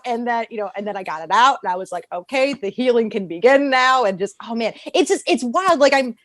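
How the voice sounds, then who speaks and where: A young woman chatting as a podcast guest, her voice a little high. She tells stories in a lively, expressive way and laughs often. The recording is dry and close. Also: fairly quick, hardly any pauses, no echo. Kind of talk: casual podcast chat.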